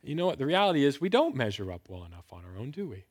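A pastor in his thirties gives a conversational sermon indoors for a filmed talk, his mid-range voice sing-song and racing. He poses rhetorical questions and hits key words hard with emphatic rises.

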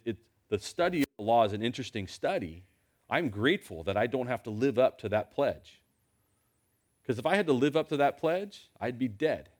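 Lively conversational male preacher. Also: on the low side. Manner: lively, conversational, rhetorical questions. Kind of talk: sermon. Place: church.

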